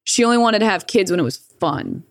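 A woman's voice: mid-range voice, very animated, brisk, no room sound, clean studio sound. A woman telling a story in a casual, rambling way, swearing freely and acting out the voices she quotes. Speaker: guest.

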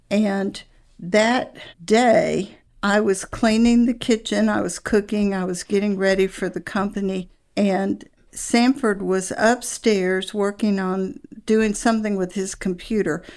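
Middle-aged woman telling a story real slow, earnest, soft little laughs, christian talk show guest. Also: mid-range voice.

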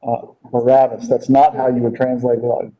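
Delivering flatly at a medium pitch, a man teaches an informal Bible class. He stumbles along with frequent fillers and repetitions, and the lo-fi audio is muffled.

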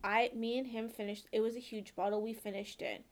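A young woman with a slightly high voice tells a wild story in casual chat. She swears freely and keeps checking in with her listener. She sounds lively and unfiltered. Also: brisk. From born and raised in the country she lives in. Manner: profane, animated storytelling with frequent "okay?" asides.

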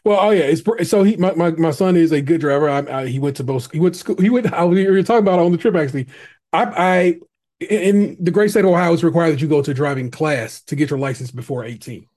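Fast-talking laid-back man. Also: fairly high pitch, darkish tone. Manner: laid-back storyteller, many restarts. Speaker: podcast co-host. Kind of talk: casual chat.

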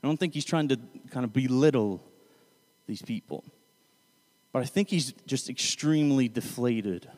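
A man's voice: mid-range voice, normal speed, darkish tone, big-room sound. A man giving a casual Bible teaching, talking in a loose, conversational way and often correcting himself mid-sentence. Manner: conversational, self-correcting, paraphrasing scripture loosely.

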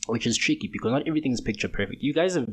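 A man's voice: mid-range voice, lively intonation, rapid-fire, husky. A young man in his twenties hosting a solo podcast, talking in a casual, rambling, slangy way. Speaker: podcast host.

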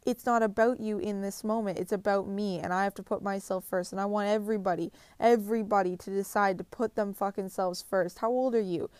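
A woman in her twenties talks bluntly and passionately in a confessional vlog, swearing heavily and speaking with emphasis. Her medium-pitched, slightly mellow voice is a little fast and fairly even, with hardly any pauses and no room sound.

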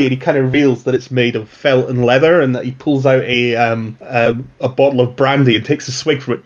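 Rambling game master, slightly muffled. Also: male voice, mid-range voice, steady tone, a little fast, hardly any pauses. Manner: rambling, with fillers and restarts. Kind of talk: narrating a tabletop game.

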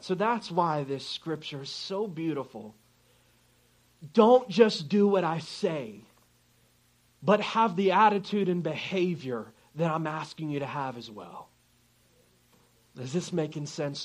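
A man in his thirties, a pastor preaching a sermon to his congregation, calling out to them and moving between slow, soft emphasis and loud, lively storytelling. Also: high-pitched. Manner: animated preaching, asking the congregation for responses.

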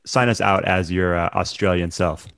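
A man's voice: low-pitched, fairly even intonation, normal speed, creaky, a bit bright, no room sound, clean studio sound. A man co-hosting a casual podcast, upbeat and encouraging with his guest. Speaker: podcast co-host.

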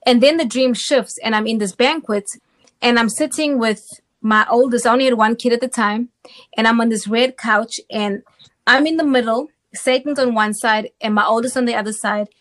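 A woman from South Africa recounts her personal testimony as a guest on an interview show. Her voice sits a little high, and she tells the story in an animated way, often pausing to check in with her listener.

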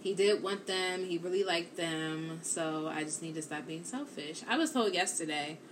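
A woman hosting a live stream, telling a rambling, animated story to her viewers and peppering it with "like" and "or whatever.". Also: fairly low pitch, moderate pace, noisy background.

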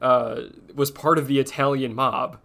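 A man's voice: mid-range voice, fairly even intonation, a little slow, creaky, a bit bright. A man co-hosting a casual podcast, joking and rambling, swearing freely. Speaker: podcast co-host.

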